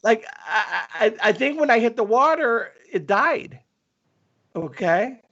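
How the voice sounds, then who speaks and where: A man telling a long story in casual talk, animated and often stammering as he restarts his sentences. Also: high-pitched, takes it slowly, highs cut off.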